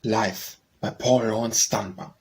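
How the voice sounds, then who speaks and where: A man reading poems for an audiobook, calmly announcing each title and author before the verse. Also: on the low side, slow pace, slight background noise. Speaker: audiobook reader. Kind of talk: poetry reading.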